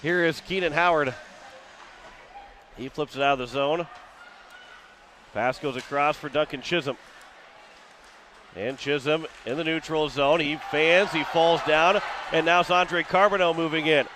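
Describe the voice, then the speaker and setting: A play-by-play announcer from Missouri calls hockey for radio, rattling off the action in a rapid running description that rises as plays build. His voice is on the high side, pushed and bright, with fairly even intonation and slight background noise.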